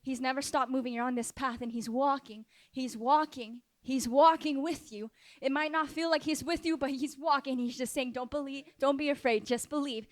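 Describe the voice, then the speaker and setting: A woman's voice: sits high, steady tone, moderate pace, few pauses, no echo. A woman pastor preaching a sermon in a church, impassioned and repetitive, addressing the congregation directly.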